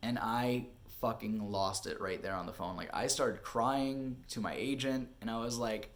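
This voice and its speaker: A young man, an actor, telling a personal story in a casual vlog, animated and full of fillers, his voice rising when excited and dropping low and quiet when anxious. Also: normal speed, few pauses. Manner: animated, swinging from excited to hushed and back, many fillers. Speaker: vlogger and actor. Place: home, indoors.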